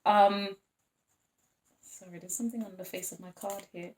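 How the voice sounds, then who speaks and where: A woman giving a casual tarot reading to her viewers, chatty and animated, acting out little scenes and laughing often. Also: medium pitch, moderate pace. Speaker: tarot reader.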